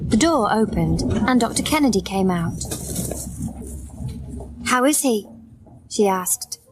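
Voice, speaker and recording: A woman narrating a graded reader audiobook with slow, clear, careful reading. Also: medium pitch, a little mellow.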